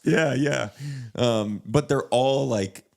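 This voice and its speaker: A man's voice: mid-range voice, takes it slowly, gravelly. A young man co-hosting a comedy podcast, rambling and laughing as he trails off mid-sentence. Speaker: podcast co-host. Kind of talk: casual comedic banter.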